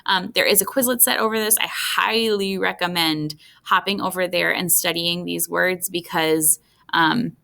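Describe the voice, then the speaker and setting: A woman's voice: on the low side, fairly even intonation, moderate pace, creaky, bright, forceful tone. A woman teaching a recorded Spanish lesson, explaining step by step and checking in with her students.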